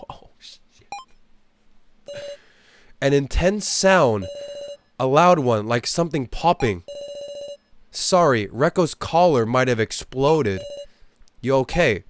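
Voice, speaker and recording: A man giving let's-play commentary and reading the story aloud, animated and loose. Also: medium pitch, takes it slowly, pauses often, slight background noise. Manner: animated, reads all characters aloud. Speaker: gamer.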